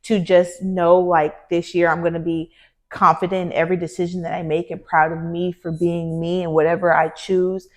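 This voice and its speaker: A woman co-hosting a podcast in casual chat, telling stories in an animated, playful way. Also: on the low side, moderate pace. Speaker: podcast co-host.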